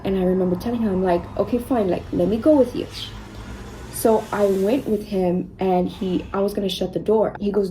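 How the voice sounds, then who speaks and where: A woman's voice: medium pitch, steady tone, normal speed, warm tone, slight background noise, low-quality recording. A young woman vlogger chatting casually about her own experiences while doing her makeup, constantly saying "you guys" and "like.". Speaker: beauty vlogger.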